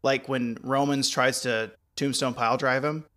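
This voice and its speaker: A man's voice: medium pitch, moderate pace. A man co-hosting a casual chat while watching wrestling, telling stories and joking. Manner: joking, animated storyteller. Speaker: podcast co-host.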